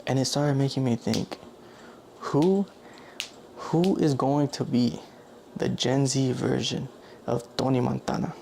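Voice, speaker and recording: A man's voice: mid-range voice, fairly even intonation, slow, creaky, warm tone, slight background noise. A young man vlogging in a loose, rambling way, correcting himself often and filling gaps with "like". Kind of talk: casual rambling monologue.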